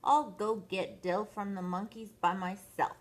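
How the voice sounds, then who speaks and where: A woman's voice: mid-range voice, a little slow, close to an everyday voice. An older woman voicing a bold, determined baby boy in a read-aloud storybook. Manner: excited, determined, yelling.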